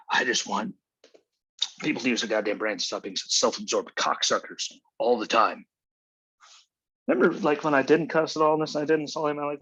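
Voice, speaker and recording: A man's voice: fairly low pitch, brisk, sharp tone, breathy edge, no echo, muffled recording. A man hosting his own show, delivering an angry, profane, exasperated solo rant. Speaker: podcast host.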